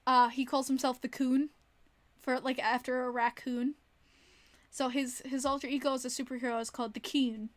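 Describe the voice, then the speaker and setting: A woman's voice: high voice, level tone, normal speed, no echo. A young woman casually telling rambling stories on a livestream, giggling often between her words. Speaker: streamer.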